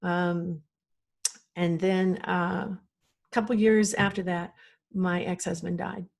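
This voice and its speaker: A woman's voice: on the low side, little pitch movement, slow, gravelly. A middle-aged woman, a podcast guest, telling a personal story in an earnest, emotional way.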